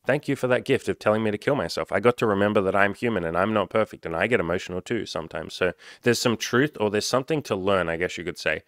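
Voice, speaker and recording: Man, low voice, frank self-help coach, swears freely, dry close sound. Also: fast, few pauses, a bit bright, dry recording. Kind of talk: candid self-help monologue.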